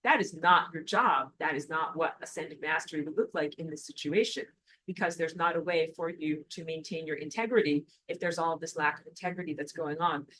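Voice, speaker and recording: A woman giving a recorded online spiritual lesson, reading out and answering viewer comments. Her voice sits on the low side, and she talks emphatically and animatedly, stacking repeated words for stress. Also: brisk, sharp tone, poor audio. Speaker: spiritual teacher.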